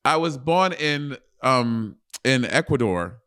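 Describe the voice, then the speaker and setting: A man's voice: mid-range voice, animated, slow pace, a bit bright. A man playing a brash, crude actor in an improvised interview bit, boastful and outrageous.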